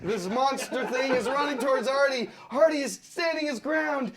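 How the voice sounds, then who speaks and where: A man narrating a storyboard pitch, animated and full of sound effects. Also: normal speed, heavy background noise. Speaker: story artist. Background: listeners laughing.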